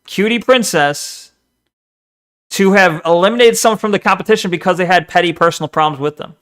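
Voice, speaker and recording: A man's voice: high voice, fairly quick, fairly bright tone. A young man streaming, reacting to a video with exasperated, profane ranting. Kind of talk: casual live-stream reaction.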